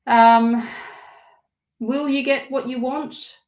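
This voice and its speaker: A woman's voice: sits high, fairly even intonation, very slow, darkish tone. A woman with an Australian accent giving a live tarot reading, chatty and rambling, with lots of restarts. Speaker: tarot reader.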